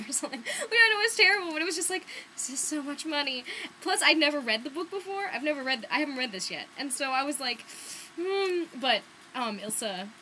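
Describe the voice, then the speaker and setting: A woman's voice: on the high side, sharp tone, slight background noise, rough recording. A young woman chatting to camera about books and purchases, chatty and giggly with many fillers. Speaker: book vlogger. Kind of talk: casual chat to camera.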